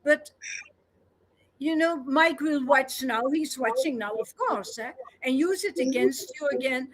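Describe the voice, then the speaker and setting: A woman's voice: high voice, a little slow, poor audio. A woman speaking up during a group stream, pleading and agitated.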